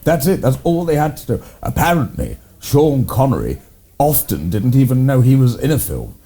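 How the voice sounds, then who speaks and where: An English man in improvised comedy chat, telling absurd tall tales with a deadpan, rambling manner. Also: medium pitch, normal speed, husky. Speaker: co-host playing a gentleman's club character.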